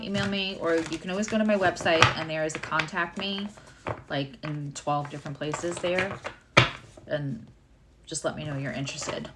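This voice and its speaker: A woman's voice: mid-range voice, very noisy. A woman giving a casual live tarot and astrology reading, chatty and rambling with many fillers and asides.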